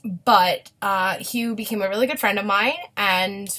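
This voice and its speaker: A young woman chatting casually in a vlog, gushing and quick to get emotional. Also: mid-range voice, steady tone, sharp tone. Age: young adult. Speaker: vlogger. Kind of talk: casual chat.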